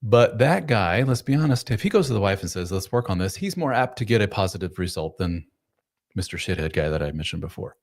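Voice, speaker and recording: A man's voice: on the low side, lively intonation, brisk. A man hosting a live advice chat who talks frankly and bluntly and swears casually. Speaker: host.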